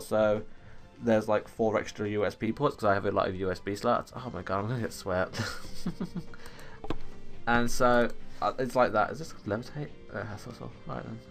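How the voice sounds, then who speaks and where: A man's voice: medium pitch, fairly bright tone. A teenage boy, rambling through casual stories while commenting on an online game at home on a desktop USB mic. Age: teens. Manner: rambling, chatty storytelling. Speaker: gaming YouTuber. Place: home room. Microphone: USB desktop microphone.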